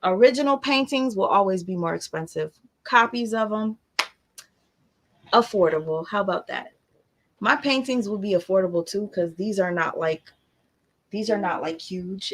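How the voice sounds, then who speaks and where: A young woman, chatting casually and emphatically on a livestream as an artist, with motivational asides. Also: fairly low pitch.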